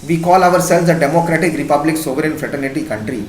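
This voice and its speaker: A man's voice: fairly high pitch, quick pace, a little hiss or hum. A man with an Indian accent giving an impassioned classroom lecture as a teacher. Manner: impassioned, emphatic. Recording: echoey classroom.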